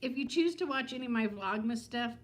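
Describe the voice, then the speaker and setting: A woman in her fifties hosts a casual live stream from home, greeting viewers by name and laughing often. Her voice sits a little high, with lively intonation and a fairly quick pace.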